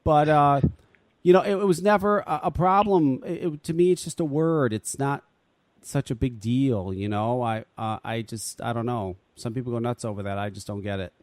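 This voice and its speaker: A man's voice: mid-range voice, moderate pace, darkish tone, no room sound. Laid-back swearing podcast host, man. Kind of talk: casual podcast chat.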